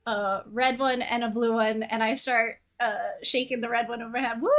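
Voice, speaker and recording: A playful woman with a high voice, chatting eagerly as a player at a tabletop game. She giggles and pitches ideas with quick enthusiasm. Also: flat delivery, a bit bright, faint music behind. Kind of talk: casual tabletop play.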